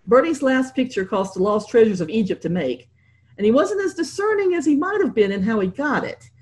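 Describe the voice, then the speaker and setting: A woman's voice: a little high, expressive, fairly quick, a little mellow, voice pushed up, close to an everyday voice. A woman voicing a breezy, modest young actress who talks lightly. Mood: anxious.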